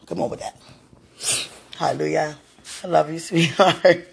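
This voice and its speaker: A woman's gravelly voice sits low and moves fairly quickly, with frequent pauses and slight background noise. The mother and podcast host chats intimately from home to a listener in a one-sided talk, her tone affectionate, her laughter frequent, and her speech full of religious exclamations to God.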